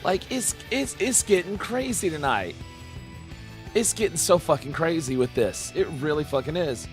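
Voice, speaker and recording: A man live-streaming, talking with chat in a loud, profane, hyped-up way and dropping into quieter, heartfelt asides between whoops. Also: fairly high pitch, lively intonation, normal speed, faint music behind. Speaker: live-streamer reacting to game announcements. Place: home streaming room with shelves of games.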